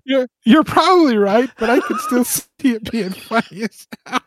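High, lively man rambling and stammering. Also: moderate pace, no room sound. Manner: rambling, stammering repeats, chuckling. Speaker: podcast co-host. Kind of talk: casual podcast banter.

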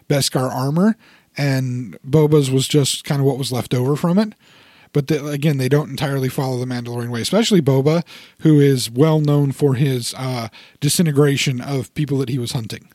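A man's voice: medium pitch, fairly even intonation, normal speed, a little mellow, no echo, clean studio sound. A man co-hosting a casual podcast chat, explaining things at length with frequent restarts. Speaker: podcast co-host.

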